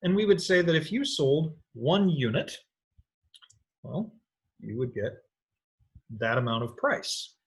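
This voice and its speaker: A man's voice: a little high, sing-song, slow pace, pauses often. A man giving a recorded economics lecture, explaining step by step and often checking in with the listener. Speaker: economics teacher.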